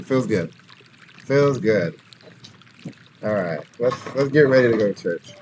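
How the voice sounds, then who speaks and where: Guy in his 30s for a study vlog, low-pitched, excitable with loud whoops. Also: a little slow, pauses often, slight background noise, poor audio. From United States. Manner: excitable, bursts into loud whoops while drilling phrases. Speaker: language-learning vlogger. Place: outdoors, walking.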